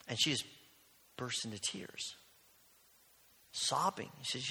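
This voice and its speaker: A male pastor preaching a sermon, telling stories earnestly and dropping to a hush on key lines. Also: mid-range voice, normal speed. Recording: long reverb of a large hall.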